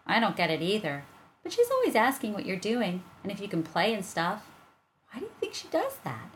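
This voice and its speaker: A woman reading aloud, voicing a young girl in a high voice. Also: huge pitch swings, brisk, a little hiss or hum. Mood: earnest. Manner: high, bright delivery. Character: girl, earnest and quick.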